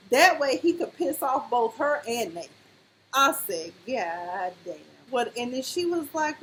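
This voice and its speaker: A woman with a slightly higher voice gives a casual, chatty review of a TV drama. She throws herself into quoting the characters, shifting her delivery as she plays each one. A faint background hum sits under her voice. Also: rough recording. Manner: animated, acts out characters' lines in quotes. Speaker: TV recap vlogger.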